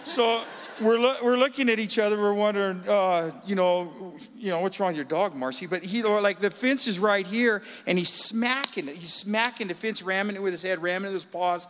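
A man with a high voice tells a church testimony with animated energy, acting out voices as he goes. His voice rings in a reverberant hall. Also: moderate pace, few pauses, slight background noise. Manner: animated storytelling, acts out voices. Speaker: guest giving testimony.

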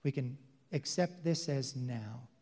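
A male pastor preaching a sermon with emphasis, swinging between loud declarations and hushed, intimate passages. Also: medium pitch, takes it slowly, husky. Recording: long hall reverb.

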